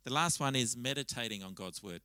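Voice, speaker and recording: A man preaching a sermon at a church service, talking conversationally and telling stories with lively restarts. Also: mid-range voice, fairly quick, no echo, poor audio. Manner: conversational, animated storytelling with frequent restarts. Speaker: pastor.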